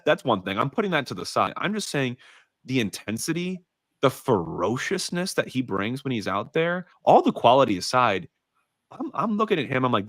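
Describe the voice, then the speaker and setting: A man with an American Midwest accent, co-hosting a sports podcast in an animated, emphatic way. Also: mid-range voice, no room sound. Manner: animated, emphatic, laughs easily. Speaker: podcast co-host. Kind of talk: casual sports podcast chat with ad reads.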